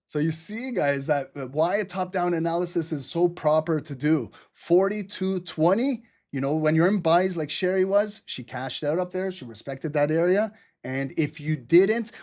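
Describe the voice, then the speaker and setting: Hype trading-stream host, a man with a slightly high voice, quick, loose and profane. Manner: excited, fast-talking, laughs often, swears casually. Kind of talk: live trading commentary.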